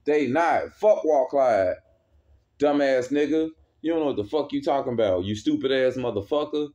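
Angry and worked up, this man reviews wrestling in a casual, swearing rant, his mid-range voice mellow yet expressive at normal speed. The audio is dull and lo-fi.

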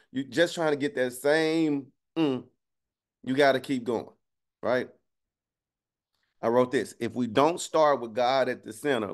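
A man preaching a casual livestreamed sermon, conversational and slangy, with joking asides and a constant "right?" to his listeners. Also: medium pitch. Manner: conversational, keeps asking "right?".

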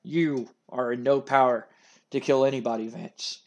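A man voicing a sinister wrestler villain who speaks for a dark lord, talking slowly and ominously. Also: fairly even intonation, lightly acted. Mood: menacing. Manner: slow, booming, ominous delivery.

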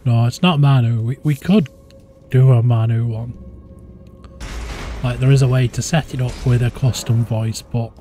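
Laid-back male streamer, slow relaxed delivery, chatty with viewers over game music. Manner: low-key, chatty, laughs easily. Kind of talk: casual live-stream chat while gaming.

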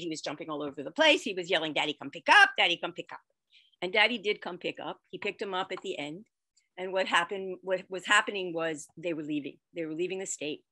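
A woman storyteller telling a personal story expressively, with dramatic swings in loudness. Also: medium pitch, no echo. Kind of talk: storytelling performance.

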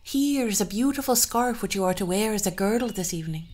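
A woman voicing a young bride who gives stern, deliberate commands. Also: medium pitch, lively intonation, a little mellow, voice pushed up, close to an everyday voice. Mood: commanding.

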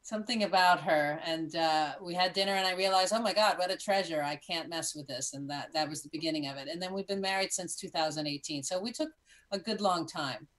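A woman guest in a casual chat, telling her story in a gushing, animated way over a video call. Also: on the low side, fairly quick. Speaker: podcast guest.

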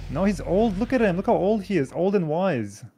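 A man chatting casually while gaming, excitable and teasing. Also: high-pitched, brisk, a little hiss or hum. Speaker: co-player.

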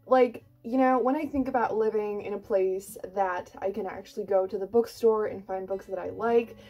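A young woman in her twenties vlogging an unboxing, gushing and excitable, full of "like" and casual swearing. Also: medium pitch, normal speed, lo-fi sound. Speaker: book vlogger and author.

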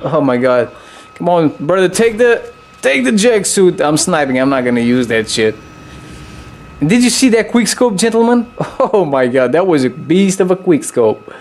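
A young man giving loose, excitable gameplay commentary, swearing freely and jumping into high yelps. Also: slight background noise.

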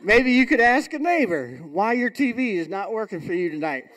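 High-voiced folksy man hosting a fundraiser. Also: sing-song, moderate pace, fairly bright tone. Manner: joking, playful hillbilly shtick. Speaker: fundraiser auctioneer host. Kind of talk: folksy live fundraiser emcee. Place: event hall with audience.

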